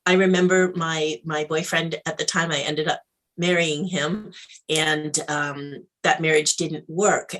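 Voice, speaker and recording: A woman, a guest in an interview, tells a personal story with animated acted-out dialogue. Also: lowish voice. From Canada. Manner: animated storyteller, acts out dialogue, laughs often.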